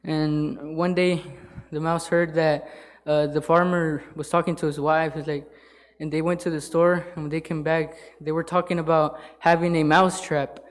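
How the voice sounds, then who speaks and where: A man speaking from the pulpit in an informal sermon. He halts often, filling gaps with fillers and starting sentences over. His voice sits slightly high for a man. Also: little pitch movement. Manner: halting, with many fillers and restarts. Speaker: lay church speaker. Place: church sanctuary.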